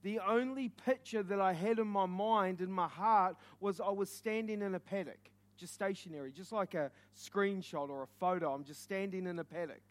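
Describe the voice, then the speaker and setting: A man, an evangelist, telling an earnest and intense testimony as a sermon, building from quiet reflection to loud urgency. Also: high voice, normal speed, hardly any pauses. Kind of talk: preaching testimony.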